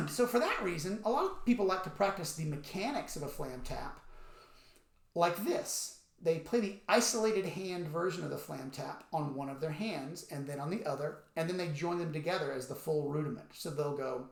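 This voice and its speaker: A man's voice: a little high, normal speed, creaky. A man teaching a drum lesson, explaining the technique and calling out strokes and counts aloud as he plays. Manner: calls out strokes and counts aloud while playing. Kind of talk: instructional demonstration. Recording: roomy echo with loud stick clicks on a practice pad.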